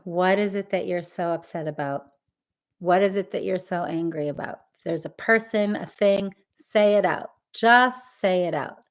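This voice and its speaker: At a moderate pace and in a lowish voice, a woman leads live EFT tapping. She encourages listeners gently, repeating affirmations for them to join in on.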